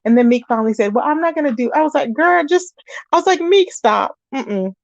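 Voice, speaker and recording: A woman's voice: on the high side, lively intonation, very fast, darkish tone, no echo, lo-fi sound. A woman hosting a casual livestream, chatting with viewers and calling them child and babe. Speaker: livestream host.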